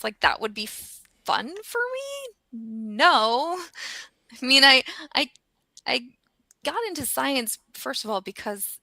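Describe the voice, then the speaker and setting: A woman's voice: a little high, gravelly, no room sound. An American woman, a scientist, chatting casually with many ums and restarts. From United States. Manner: animated, frequent ums and restarts. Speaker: scientist and regular guest. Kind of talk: casual chat.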